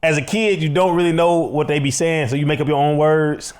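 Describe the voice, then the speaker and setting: A man's voice: a little high, fairly even intonation, fairly quick, a little mellow, smooth. A man with a Chicago accent co-hosting a casual podcast, slangy and laid-back, laughing often. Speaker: co-host.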